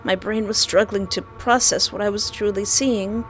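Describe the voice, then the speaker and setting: A young woman playing through a visual novel, reading the narration aloud and reacting with dramatic, playful asides and shrill screams. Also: fairly even intonation, normal speed, soft background music. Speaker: let's play host.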